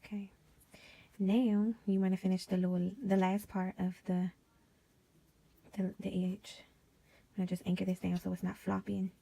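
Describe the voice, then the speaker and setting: Chatty woman doing a sewing tutorial, kinda gravelly, dark mellow tone, whispers asides. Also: medium pitch, fairly even intonation, moderate pace, pauses often. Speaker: DIY sewing vlogger.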